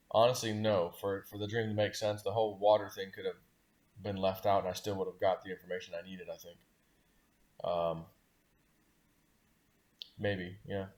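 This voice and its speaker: A man telling his viewers about a dream in a casual, rambling way, restarting phrases and chuckling at himself. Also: lowish voice. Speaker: dream-sharing video host. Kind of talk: casual storytelling to camera.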